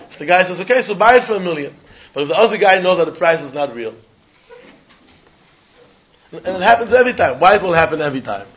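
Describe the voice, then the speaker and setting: Animated Talmud teacher with lilt. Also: male voice, high-pitched, dull audio. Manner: sing-song study-hall explaining, acting out both sides of a deal. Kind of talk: animated Talmud class lecture.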